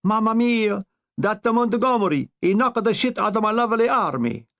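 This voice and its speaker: A man's voice: high-pitched, lively intonation, moderate pace, a bit bright, voice pushed up. A blustering, cowardly dictator rants in broken English with a heavy Italian accent, played by a man. The voice sits above his own register and swoops widely. It is pompous and whining, from a comic sketch read aloud.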